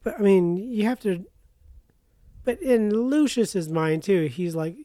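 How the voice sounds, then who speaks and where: A woman's voice: mid-range voice, lively intonation, slow pace, warm tone, no echo, clean studio sound. A woman co-hosting a podcast in casual chat, correcting details and teasingly urging her co-host to wrap up.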